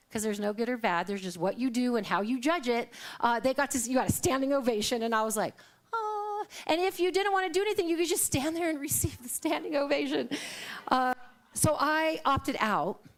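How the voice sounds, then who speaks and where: A middle-aged woman speaks to a congregation in a loose, conversational sermon, her voice sitting a little high. She tells personal anecdotes, slips into the voices of the people in them, and laughs easily as she goes. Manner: storytelling, acts out quoted dialogue, laughs often. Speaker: guest speaker at a Sunday service.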